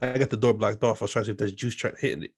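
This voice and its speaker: Husky laid-back man. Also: lowish voice, fairly even intonation, rapid-fire. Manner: laid-back, laughs often, joking. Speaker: podcast co-host. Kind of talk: casual movie chat.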